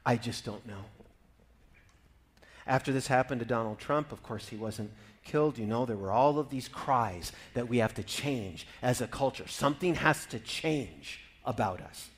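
A middle-aged man preaching a sermon, with quiet, reflective stretches that build into loud, emphatic exhortation. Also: mid-range voice, animated, moderate pace, few pauses, breathy edge. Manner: swings between hushed storytelling and rising emphatic preaching. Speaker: pastor.

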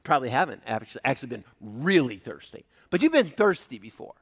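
A man preaching a sermon, animated, acting out the voices of the people in his story with loud bursts. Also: mid-range voice, fast talker, no room sound, clean studio sound. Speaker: pastor.

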